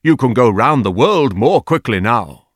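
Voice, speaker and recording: A man reading the part of a keen gentleman, listing things with eager emphasis. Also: medium pitch, lively intonation, a little slow, no room sound, clean studio sound. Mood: eager, emphatic. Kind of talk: audiobook character reading.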